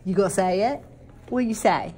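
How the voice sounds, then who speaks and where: A woman with a warm, medium-pitched voice coaxes a young child to talk during speech therapy, speaking at a moderate pace. She keeps it playful, slipping in animal sounds as she goes.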